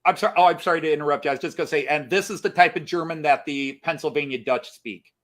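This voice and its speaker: A man's voice: a little high, quick pace, fairly bright tone. A man co-hosting a casual live stream, explaining and thinking aloud with many fillers. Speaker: co-host of a model railroad live stream.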